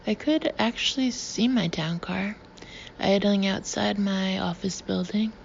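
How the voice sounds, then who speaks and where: A woman narrating an audiobook in a hushed manner that sometimes turns breathy and near-whispered. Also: mid-range voice, unhurried, muffled recording, a little hiss or hum.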